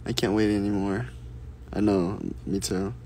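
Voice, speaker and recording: Slow, soft-spoken man chatting. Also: on the low side, fairly even intonation, a little hiss or hum. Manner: soft-spoken, unhurried, reads questions aloud. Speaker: livestreamer answering fan questions. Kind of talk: casual live chat.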